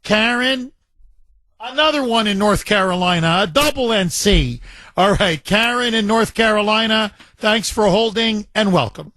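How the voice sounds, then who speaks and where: A man's voice: high voice, unhurried, pushed and bright, no echo. A man hosting a talk radio call-in show, chatty and repeating phrases for emphasis.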